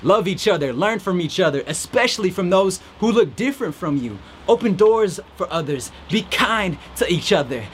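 A man's voice: high voice, expressive, moderate pace, hardly any pauses, slight background noise. A man hosting a podcast, giving an upbeat faith-based pep talk outdoors in the rain. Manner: preachy and upbeat, with a mock reporter voice at times. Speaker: podcast host. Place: outdoors in a storm. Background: rain and faint music.

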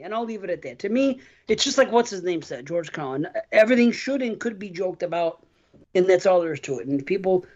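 A man co-hosting a podcast, talking bluntly and emphatically in casual chat, with plenty of swearing. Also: high-pitched. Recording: muffled lo-fi mic.

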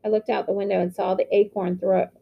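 A woman reading a novel aloud with steady storytelling. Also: medium pitch, fast, vocal fry, lo-fi sound. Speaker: audiobook reader.

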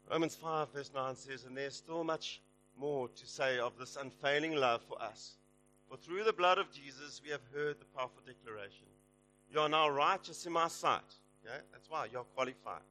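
A man preaching a sermon, exhorting his listeners and rising loud and high on the promises. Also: low-quality recording.

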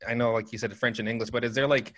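A man's voice: mid-range voice, fairly even intonation, racing, a bit bright. A man from Western Canada co-hosting a podcast, asking questions in a hesitant, filler-filled way. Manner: hesitant, many restarts and "like". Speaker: podcast co-host. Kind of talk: casual podcast chat.

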